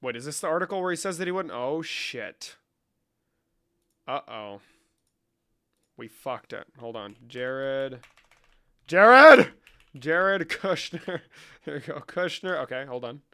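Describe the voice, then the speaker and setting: A man's voice: medium pitch, animated, a little slow, long pauses, a bit bright, clear, resonant tone. A man rambling through a comedic vlog in a profane, mock-serious, running banter. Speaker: comedic creator. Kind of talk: comedic screen-share vlog.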